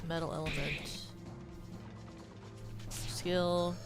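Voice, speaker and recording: A young woman streaming a game and reacting live, swearing often and breaking into sudden loud outbursts. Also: low-pitched, level tone, very slow, over music. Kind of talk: live gameplay commentary.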